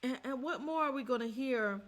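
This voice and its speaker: A woman from the Bronx in her forties, hosting a reaction show and talking to her listeners in a heartfelt, halting way. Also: high voice, fairly bright tone. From the Bronx, New York. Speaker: podcast host. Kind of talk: emotional reaction chat.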